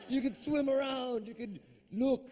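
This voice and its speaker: A man's voice: extremely high pitch, measured pace, voice pushed up. A man voicing a stern Jamaican boat tour guide who keeps repeating the rules. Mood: insistent. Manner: repeats rules insistently, singsong.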